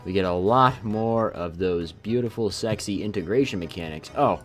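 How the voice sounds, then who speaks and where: A man's voice: on the low side, normal speed, faint music behind. A man giving casual, sarcastic let's-play commentary while playing a strategy game. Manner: sarcastic, playful, exclaiming. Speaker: gaming YouTuber.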